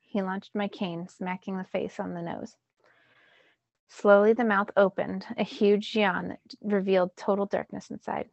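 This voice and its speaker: A woman teacher reading a novel aloud in first-person narration, with lively emphasis. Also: medium pitch, a little slow, creaky, no echo, dull audio.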